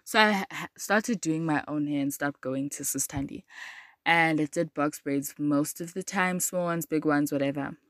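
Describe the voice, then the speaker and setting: A chatty young adult woman from South Africa hosts a casual solo podcast, rambling with frequent "like" and animated jumps in pitch. The recording is dry and studio quality.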